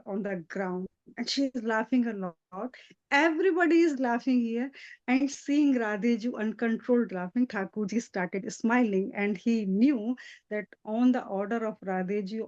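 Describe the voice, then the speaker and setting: A woman giving a devotional lecture, retelling a sacred story in an animated storytelling manner. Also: a little high, highs cut off. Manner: animated storytelling with frequent restarts. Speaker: spiritual lecturer.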